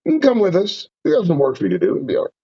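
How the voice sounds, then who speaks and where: Fiery, profane man with a lively pitch. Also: racing, slightly rough. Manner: profane, preaching, lively ups and downs. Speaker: show host. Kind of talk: impassioned ranting commentary. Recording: dull lo-fi sound.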